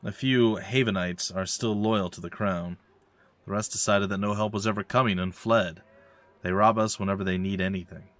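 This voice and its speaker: A man's voice: on the low side, steady tone, moderate pace, a bit bright, close to an everyday voice. A man reading the lines of a loyal female fort chief, a stern swordswoman, in an earnest, formal way.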